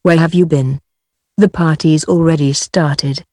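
A woman's voice: low voice, fairly even intonation, a little slow, darkish tone, dry recording, clean studio sound. A woman reading as Jill at a party. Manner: plain reading of textbook dialogue. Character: girl at a party looking for a friend.

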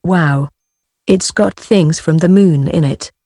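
Woman voicing a schoolgirl, plain textbook reading, slow, dry sound. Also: low-pitched, mellow, no room sound, heavily acted. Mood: excited.

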